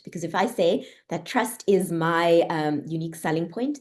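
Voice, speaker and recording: Panelist: woman with a deep, warm voice, articulate and explanatory on a call. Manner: articulate, explanatory, asks rhetorical questions. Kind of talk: panel discussion.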